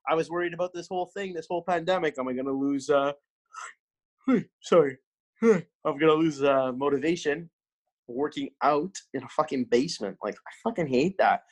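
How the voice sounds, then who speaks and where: A man's voice: fairly high pitch, normal speed. A man in casual podcast chat, a personal trainer talking bluntly with heavy swearing and lots of restarts, sore from a workout. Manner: blunt, swears constantly, animated.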